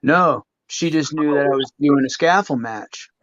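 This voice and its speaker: A man's voice: on the high side, moderate pace, a bit bright, dry recording, lo-fi sound. A man, a former wrestler, telling stories in a casual interview with a rambling manner and lots of "you know.". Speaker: guest, former pro wrestler. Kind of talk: casual storytelling in a podcast interview.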